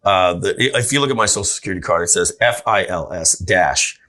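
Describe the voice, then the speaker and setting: Middle-aged male guest, lively storyteller, bright forceful tone, lowish voice. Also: a little fast. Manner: animated storyteller acting out quotes. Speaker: guest entrepreneur. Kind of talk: storytelling interview.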